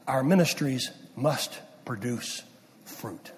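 A middle-aged man preaching a sermon, swinging from loud emphasis down to hushed near-whispers. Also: medium pitch, lively intonation, slow. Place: church sanctuary. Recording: distant mic with long hall reverb.

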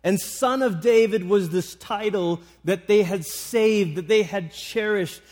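A man's voice: high-pitched, measured pace, darkish tone. A man preaching a sermon, retelling a story with frequent restarts.

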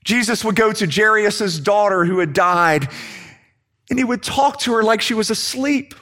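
Male preacher, high-pitched, dramatic sermon delivery with low, slow emphasis. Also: pushed and bright.

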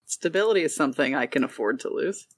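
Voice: medium pitch, animated, fast talker, slightly rough, no echo. Tabletop player hamming it up, voice bouncing everywhere, dry sound. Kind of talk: in-character tabletop role-play.

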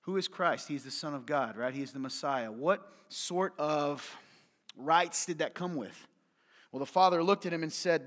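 Animated preaching man, ringing hall. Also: fairly high pitch, normal speed. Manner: animated, joking with the congregation, asks questions. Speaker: pastor. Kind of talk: sermon. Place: church hall with an audience.

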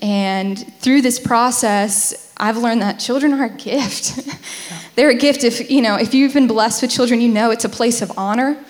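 A young woman tells her faith story with candid humor and lively storytelling, her voice a touch higher than most. Her words ring out with a long reverb, as though spoken in a large hall. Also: normal speed. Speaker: wife sharing testimony. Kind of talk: personal testimony talk.

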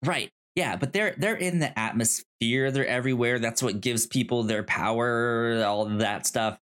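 Male podcast co-host, casual and hesitant, mid-pitched, restarts often. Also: a little slow, a bit bright. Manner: hesitant, with many restarts and fillers. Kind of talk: casual book-club chat.

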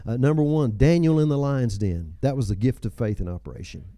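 A man's voice: mid-range voice, a little fast, warm tone, no echo. A man in his seventies preaching a sermon, with folksy storytelling, chuckles and personal asides. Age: 70s. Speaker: pastor.

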